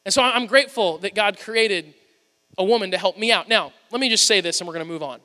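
Quick-paced and high-pitched, a male pastor's bright, forceful voice fills a church sanctuary as he gives a sermon full of humorous, conversational storytelling. Long reverb from the big hall is audible.

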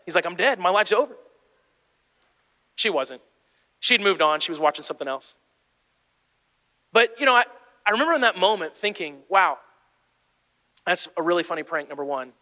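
A man in his thirties preaches with a high, bright voice, moving from easy storytelling to urgent, animated exhortation. His words ring out with a long hall reverb around them. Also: brisk, long pauses. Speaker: pastor. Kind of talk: sermon.

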